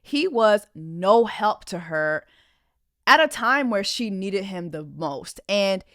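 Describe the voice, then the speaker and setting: A woman's voice: mid-range voice, lively intonation, takes it slowly, a bit bright, no echo. Woman host, reaction commentary, blunt and indignant, conversational, dry close sound. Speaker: podcast host. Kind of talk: reaction commentary on a reality show clip.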